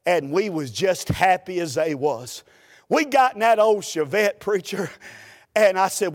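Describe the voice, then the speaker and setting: A preacher spins a comic tale from the pulpit in an animated, folksy way. His voice runs high for a man, and he takes his time. A long reverb from the church hall hangs on every line. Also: measured pace. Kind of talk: humorous sermon storytelling.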